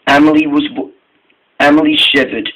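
A man's voice: on the high side, little pitch movement, a bit bright, a little hiss or hum, low-quality recording. A man narrating a homemade engine story, stumbling and restarting his phrases often. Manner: halting, many false starts and restarts.

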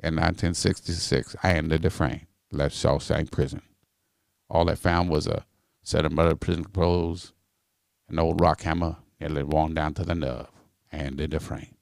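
A man impersonating a deep, grave older film narrator. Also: level tone, gravelly, dry recording, studio quality. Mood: solemn. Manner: grave, measured storytelling.

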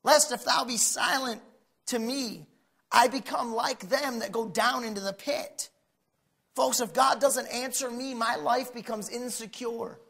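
A middle-aged male pastor preaching a folksy sermon that swings from quiet asides to shouted points. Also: very high-pitched, fairly even intonation, a little slow, vocal fry, breathy edge.

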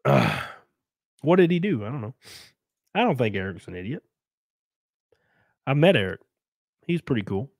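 A man's voice: mid-range voice, wildly swooping pitch, normal speed, long pauses, slightly rough, dry recording. A man hosting a casual livestream while sick, chatting loosely with viewers, swearing and trailing off mid-thought. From United States. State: sick, congested. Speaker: livestream host. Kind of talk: casual livestream chat reading viewer comments.

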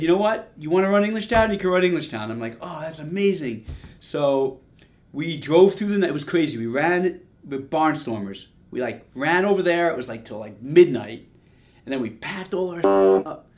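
An older man telling a casual, animated story about his racing days, full of "you know" and "like". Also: fairly high pitch. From Long Island, New York. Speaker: retired drag racer telling a story.

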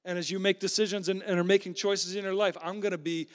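High-voiced preacher in an echoing hall. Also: male voice, flat delivery, fast talker. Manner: conversational, repeats words and restarts often. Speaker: pastor. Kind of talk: sermon. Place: church sanctuary. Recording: long hall reverb.

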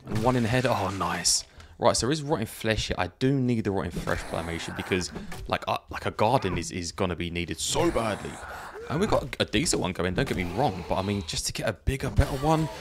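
Fairly low and expressive, this man speaks fairly quickly over a noisy background. He's a gaming YouTuber whose let's play commentary on a zombie survival game is casual, full of spoken thoughts and frequent laughs.

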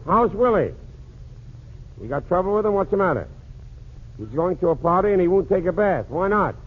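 High-voiced man doing 1940s radio comedy. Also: expressive, husky. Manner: one-sided phone-call routine, quick comic patter. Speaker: comedian and emcee. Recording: tinny lo-fi 1940s radio transcription with faint hiss.

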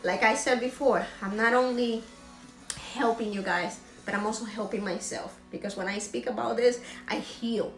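A woman's voice: fairly high pitch, steady tone, moderate pace, a bit bright, faint music behind. Earnest woman preaching in an echoey room. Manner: earnest, preachy, repeats phrases for emphasis. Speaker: motivational speaker and vlogger. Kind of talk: emotional motivational talk.

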